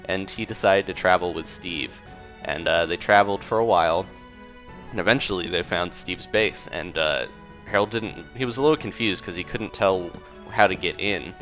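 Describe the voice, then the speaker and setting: Man, deep voice, casual improvised game story narration, rambling, faint music. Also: normal speed, a bit bright. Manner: rambling, casual, with fillers and side comments. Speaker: gaming video creator.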